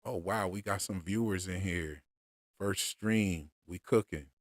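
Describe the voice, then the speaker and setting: A man with a very low voice talks slowly and casually to his livestream audience. He stops often for fillers and restarts his sentences. His voice sits close and dry on the microphone. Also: no room sound. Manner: relaxed, unhurried, with many fillers and restarts. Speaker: streamer discussing show theories.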